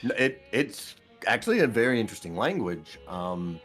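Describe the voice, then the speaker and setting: A man's voice: lowish voice, very animated, moderate pace, a bit bright, soft background music. An American man chatting casually while gaming, rambling with restarts and swearing. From United States. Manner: rambling, profane, many restarts. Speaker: gaming co-host.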